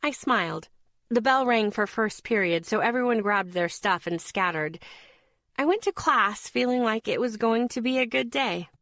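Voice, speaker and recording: Dry, lively woman narrating a novel. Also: on the high side, normal speed, no echo. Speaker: audiobook narrator. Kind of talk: first-person audiobook narration.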